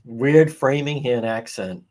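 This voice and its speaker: A middle-aged man chats loosely on a livestream, reacting to viewer comments with wry, sarcastic asides. His pitch swings widely from line to line, so his talk sounds lively and expressive, at a medium pitch for a man. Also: slow pace. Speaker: livestream host. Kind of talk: casual livestream chat reading comments.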